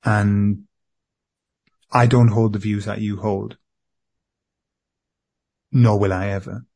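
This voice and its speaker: A man with a low, gravelly voice speaks earnestly in a therapy session, stumbling and repeating his words. His tone is husky. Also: little pitch movement, darkish tone. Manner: earnest, repetitive, halting with restarts. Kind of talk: emotional spoken address to an empty chair.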